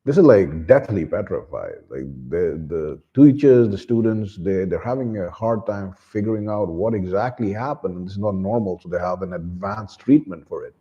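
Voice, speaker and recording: A man's voice: deep voice, lively intonation, moderate pace, hardly any pauses, warm tone. A man casually retelling a book's plot in a rambling way, with many restarts and fillers. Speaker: book reviewer. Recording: dull lo-fi recording.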